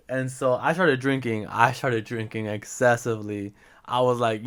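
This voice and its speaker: A man's voice: medium pitch, steady tone, moderate pace, fairly bright tone, clean tone. A young man telling a rambling, profane story to the camera as a casual vlog, switching between English and Spanish. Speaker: vlogger.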